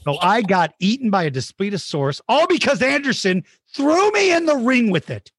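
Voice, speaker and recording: A man's voice: sits high, sing-song, moderate pace, a bit bright, slightly rough, no echo, clean studio sound. A man hosting a playful chat with a child about dinosaur battles, goofy and teasing with mock outrage. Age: adult. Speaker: host interviewing a child.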